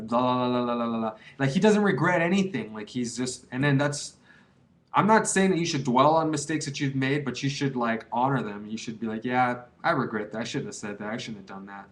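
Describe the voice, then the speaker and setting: A man in his twenties giving rambling, earnest advice on quitting, repeating himself in casual slang. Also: mid-range voice. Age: 20s.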